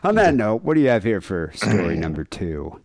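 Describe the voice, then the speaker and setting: A man's voice: lowish voice, big pitch swings, a little fast, a little mellow, no room sound. A man in his thirties co-hosting a podcast, telling a rambling, self-deprecating story with frequent laughs. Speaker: podcast co-host. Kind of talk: casual chat, storytelling.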